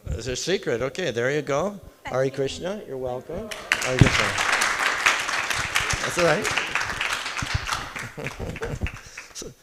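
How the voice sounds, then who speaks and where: A man's voice: medium pitch, animated, takes it slowly, long pauses, a loud crowd. A man giving an informal devotional talk in a temple hall, chatting with and questioning his listeners directly. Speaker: visiting temple speaker.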